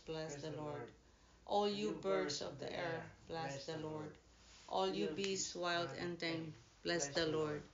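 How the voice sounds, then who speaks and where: A woman leading prayer, reciting psalm verses in a slow, measured way. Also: lowish voice. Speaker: prayer leader. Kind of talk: liturgical recitation. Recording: echoey, dull recording with a congregation.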